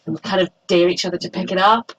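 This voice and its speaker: A speaker telling an eager, animated story during a casual film chat. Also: mid-range voice, fast, dull audio.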